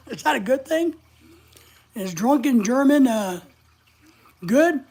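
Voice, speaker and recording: A woman's voice: a little high, expressive, slow pace, long pauses, a little mellow. A woman, no longer young, hosting a rambling, chatty live stream and reading out viewer comments as she goes. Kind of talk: casual live-stream chat.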